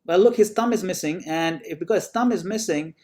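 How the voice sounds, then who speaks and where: A man's voice: high-pitched, fairly quick, a little mellow, lightly acted. A man telling a story and voicing a tribal priest who declares a ruling. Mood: commanding. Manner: authoritative and declaring. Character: commanding male tribal priest.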